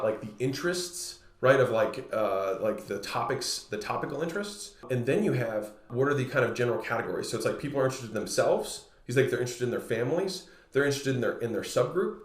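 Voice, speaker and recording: A man in his thirties hosting a podcast, talking in a relaxed, chatty way full of "like" as he retells a conversation. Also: medium pitch. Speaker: podcast host. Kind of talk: casual solo monologue. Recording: roomy echoey room.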